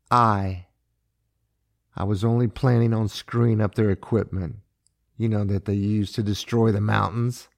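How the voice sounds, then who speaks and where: A man's voice: medium pitch, a little mellow. A man voicing a defiant young ex-soldier, speaking with stubborn conviction. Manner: defiant, confiding.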